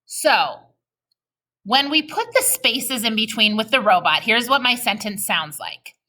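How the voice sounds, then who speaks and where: With a somewhat high, sing-song voice and a sharp tone, a woman teacher leads a recorded reading lesson for little kids. She's patient and encouraging, slowing considerably to model sentences aloud.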